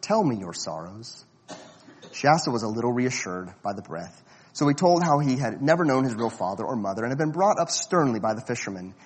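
A man reading a storybook aloud in a measured, expressive way. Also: mid-range voice, long reverb tail, a little hiss or hum. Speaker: narrator.

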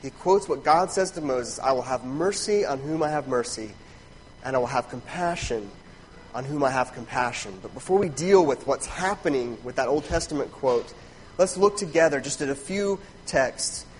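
A man's voice: mid-range voice, expressive, moderate pace, slight background noise, low-quality recording. A man pastor preaching an expository sermon, emphatic, asking rhetorical questions and checking in with "right?".

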